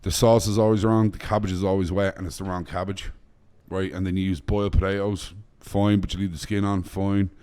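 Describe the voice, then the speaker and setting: Irish man, very low voice, blunt, swears freely, casual podcast chat. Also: flat delivery, brisk, dark tone, smooth. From Ireland. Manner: blunt, profane storyteller. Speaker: guest chef.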